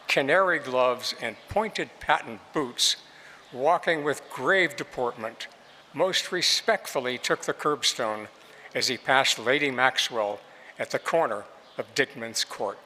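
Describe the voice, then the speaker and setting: A man giving an unhurried, expressive public reading of literary prose, with measured, lilting phrasing. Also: medium pitch, a little hiss or hum. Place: museum reading space with long reverb. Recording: long hall reverb.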